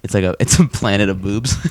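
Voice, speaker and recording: A young man hosting a podcast, rambling through a cartoon plot in casual chat, laughing often and jumping into high-pitched impressions. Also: animated, brisk, no room sound. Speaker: podcast host.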